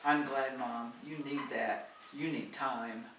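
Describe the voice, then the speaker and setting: A man's voice: mid-range voice, fairly even intonation, takes it slowly, fairly bright tone. A man voicing a guarded adult daughter on the phone, dry and sarcastic, recorded far off in a roomy space with faint hiss.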